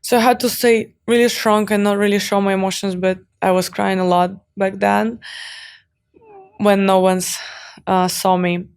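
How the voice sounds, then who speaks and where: A woman's voice: medium pitch, level tone, moderate pace, a little mellow, smooth. A young woman, a sports champion, answering interview questions openly and earnestly, with many fillers. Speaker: guest, tennis champion. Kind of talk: podcast interview.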